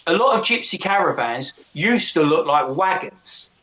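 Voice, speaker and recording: With a slightly high voice at an ordinary pace, a man chats casually, spinning profane, animated stories. He curses a lot and imitates how other people sound.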